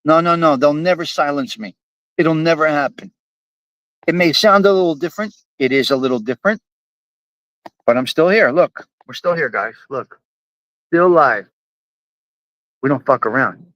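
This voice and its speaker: A man live-streams from his apartment in brash, casual chat, swaggering and swearing and repeating lines for emphasis. His voice is a little high and fairly bright, at a moderate pace with frequent pauses, and the recording has no room sound.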